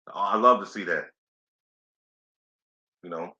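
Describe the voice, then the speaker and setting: A man's voice: deep voice, unhurried, bright, forceful tone. Laid-back chatty man, echoey lo-fi. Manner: laid-back, chatty, says "you know what I'm saying" a lot. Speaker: boxing play-by-play host. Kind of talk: casual live commentary stream. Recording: echoey room, dull lo-fi sound.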